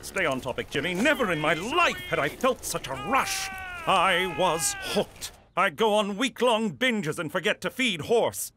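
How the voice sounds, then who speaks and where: A man's voice: high-pitched, sing-song, unhurried, noisy background. A man voicing a formal, over-earnest male Mountie and reformed gambler in an adult cartoon. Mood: solemn. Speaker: lead character and narrator.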